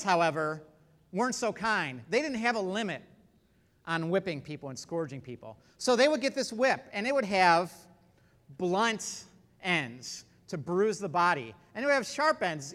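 A man preaching a sermon in an emphatic, animated way, with big swings in volume. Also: high-pitched, long reverb tail.

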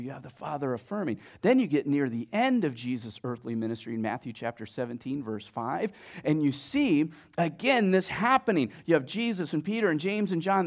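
A male pastor in his thirties delivers a sermon in a casual, story-driven way, full of "like" and "right". His voice swings widely, booming one moment and falling to a near whisper the next. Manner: conversational, many fillers like "like" and "right".

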